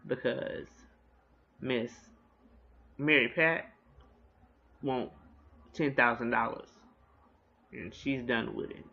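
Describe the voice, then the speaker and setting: A man with a gravelly, creaky voice gives a casual, profanity-laced recap of a TV episode. He talks in loose slang and tosses in blunt opinions as he goes. The recording sounds dull and lo-fi. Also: medium pitch, steady tone, a little hiss or hum. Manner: profane, slangy retelling with quick asides. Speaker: TV episode reviewer.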